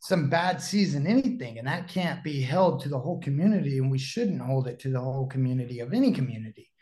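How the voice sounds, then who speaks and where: A man talking as a podcast guest, spinning a long story with lively acted-out quotes. His pitch sits in the middle for a man, and he laughs easily between his lines. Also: fast. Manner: animated, acts out the people in his stories, laughs often. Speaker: guest, pro wrestler.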